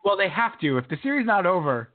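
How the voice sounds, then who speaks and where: A man co-hosting a podcast talks about sports casually in a high, lively voice that sounds thin and phone-like. He's animated and jokey, laughs often, and breaks into mock British singing.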